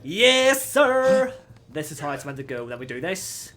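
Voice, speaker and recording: A young man hosting a gaming channel, giving let's play commentary; excitable, he yells at the game and swears. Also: mid-range voice, fast, over music.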